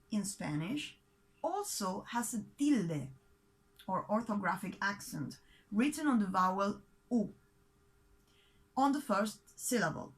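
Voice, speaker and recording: A woman with an Argentine accent who teaches a language lesson in a scripted way, speaking slowly and clearly and repeating example words for learners. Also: medium pitch, fairly bright tone, rough recording. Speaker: Spanish teacher.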